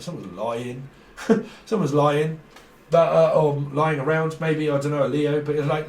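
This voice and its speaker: A man's voice: on the high side, fairly even intonation, a little slow, a little mellow, recorded from a distance. Rambling man in an echoey room. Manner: rambling, acts out imagined dialogue, laughs often. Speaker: tarot reader. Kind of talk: casual tarot reading monologue. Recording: echoey room, speaker away from the mic.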